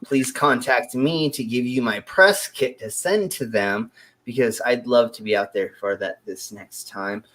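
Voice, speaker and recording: A man's voice: medium pitch, fairly bright tone. A man in his twenties hosting a casual talk show, telling stories in a rambling way with many fillers and restarts. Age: 20s. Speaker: show host. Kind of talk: casual storytelling chat.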